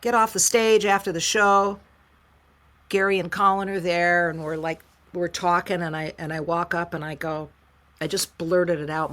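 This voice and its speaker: A middle-aged woman from the United States, a singer-songwriter telling her story as an interview guest in a frank, emotional, animated way. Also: sits low, moderate pace. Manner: frank, emotional, animated retelling with quoted voices. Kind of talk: candid conversational storytelling.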